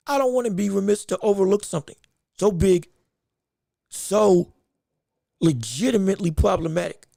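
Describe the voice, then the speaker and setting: A woman's voice: fairly high pitch, creaky, a little mellow, no room sound, studio quality. A woman hosting a live sports podcast, rambling and emphatic, stopping often to greet viewers from the chat. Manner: emphatic and opinionated. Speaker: podcast host. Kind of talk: live-streamed sports commentary.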